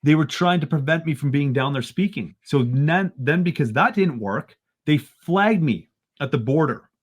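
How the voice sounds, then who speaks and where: Animated Canadian man telling a story. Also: fairly high pitch, moderate pace, husky. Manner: animated, rising into excited bursts. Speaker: guest. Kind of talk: storytelling in a podcast conversation.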